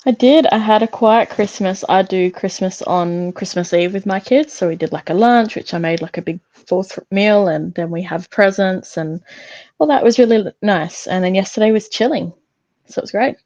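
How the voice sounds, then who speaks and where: A woman joining a livestream as a guest, chatting in a relaxed way and laughing lightly. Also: medium pitch, moderate pace, highs cut off. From Australia. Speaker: stream guest. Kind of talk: casual chat.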